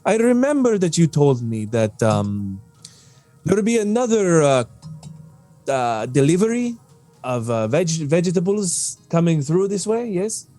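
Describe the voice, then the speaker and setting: A man's voice: a little high, sing-song, warm tone, soft background music, voice pushed up. A man doing a fussy, foppish furred trader. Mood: formal. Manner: raised, halting, courtly speech.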